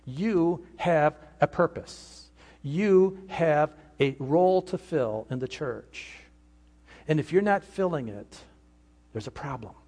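A man's voice: a little high, animated, takes it slowly, darkish tone, husky. A man preaching an earnest sermon as pastor, sometimes voicing imagined speakers.

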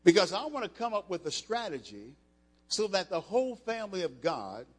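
Older male preacher, emphatic, fairly high voice, long hall reverb. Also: big pitch swings, moderate pace. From United States. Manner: emphatic, rising to loud passages, with restarts. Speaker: preacher, former football player. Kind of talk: sermon. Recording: echoey hall.

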